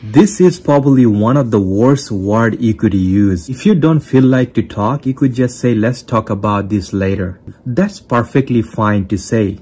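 A man hosting a relationship advice video, speaking in a calm, steady, plain way with some non-native grammar. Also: mid-range voice, measured pace, hardly any pauses, slightly rough. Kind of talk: scripted advice talk to camera.

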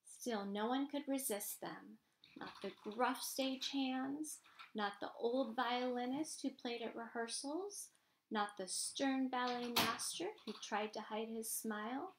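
A woman reading a children's picture book aloud, in a gentle, expressive storytelling manner. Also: a little high, slow, noisy background. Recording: roomy echo.

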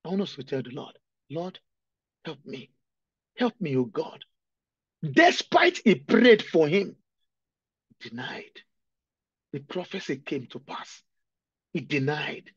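A man preaches an emotional sermon in a slightly high, husky, sing-song voice, speaking slowly and pausing often. Impassioned, he cries out and repeats his phrases with great feeling, and the recording sounds dull, dry, and lo-fi.

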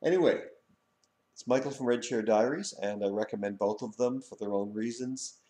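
A man's voice: lowish voice, moderate pace, dark tone, reverberant. A man from Canada who hosts a video channel, reviewing a book and its film in a rambling casual way, with many fillers and restarts.

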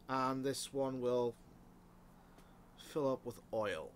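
A man's voice: medium pitch, lively intonation, slow pace, pauses often, slight background noise. Man muttering gameplay commentary, swearing. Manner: muttering to himself, frequent swearing. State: hiccups. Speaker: let's play host.

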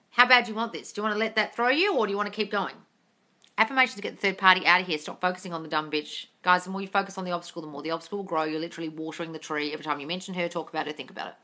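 A woman's voice: fairly high pitch, bright, forceful tone. A woman with a non-native English accent, coaching manifestation in a casual live-stream Q&A, blunt and sweary, calling viewers darling, speaking from a large open room, slightly congested from the cold. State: runny nose from the cold. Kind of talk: casual live-stream Q&A, reading comments aloud. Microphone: phone livestream.

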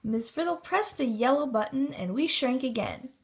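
A woman narrating a children's storybook in a steady, expressive reading. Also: high voice, moderate pace.

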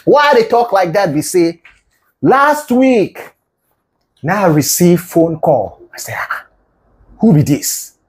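A man with a Nigerian Pidgin English accent tells a comic story. He mock-lectures in a playful, animated way, and his voice sits a touch higher than most men's. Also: takes it slowly. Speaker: comedic video creator. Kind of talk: comedic storytelling monologue.

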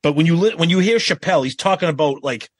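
A middle-aged man co-hosting a casual podcast chat. He talks with eager enthusiasm and agrees quickly. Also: a little high, animated, husky, dry recording. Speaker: podcast co-host.

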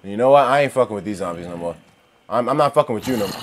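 Excitable swearing gamer man. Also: lowish voice, racing. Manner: excitable, swears and yells at game monsters; talks straight to viewers. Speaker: gaming commentator. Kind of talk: let's-play commentary.

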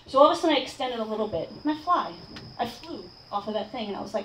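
A woman telling a lively personal story at a live storytelling night in a bar, playful and casually swearing. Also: fairly high pitch, racing. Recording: echoey bar room, distant mic, faint noise.

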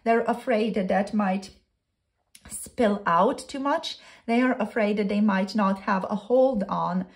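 A woman's voice: mid-range voice, measured pace. A woman giving a pick-a-card tarot reading to her viewers, chatty and flowing, with many "um"s and "you know"s. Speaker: tarot reader.

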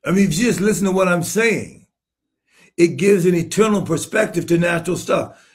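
Bishop in his seventies, higher-pitched male voice, emphatic sermon delivery with rhetorical questions and sudden shouts. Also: moderate pace. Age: 70s. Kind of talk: sermon-style commentary.

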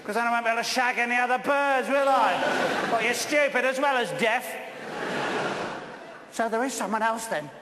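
A man with an English accent performing live stage comedy, loud, brash and shouty. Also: extremely high pitch, normal speed, long pauses, background noise. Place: large theatre stage. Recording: echoey live theatre recording.

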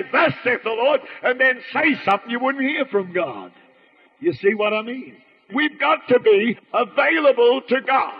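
A man preaches a sermon in an emphatic, repeating cadence. His voice sits very high for a man. The recording is muffled and rings with the long echo of a large hall. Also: lively intonation, a little slow, husky.

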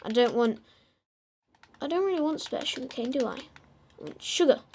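A woman's voice: sits high, animated, moderate pace, a little mellow, slight background noise. A woman giving casual gameplay commentary, playfully talking to and teasing her game animals. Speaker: gamer.

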